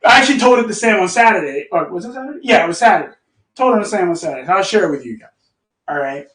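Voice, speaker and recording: A man with a very high voice telling a casual story to his community. He is animated and swears freely, laughs often, and keeps asking "okay?". His voice echoes around the room from a mic placed some distance away. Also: rapid-fire. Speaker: host.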